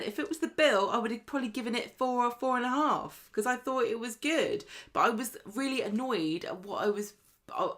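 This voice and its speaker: A woman, co-hosting a podcast in casual chat, animated and argumentative, often laughing. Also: fairly high pitch. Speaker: podcast co-host.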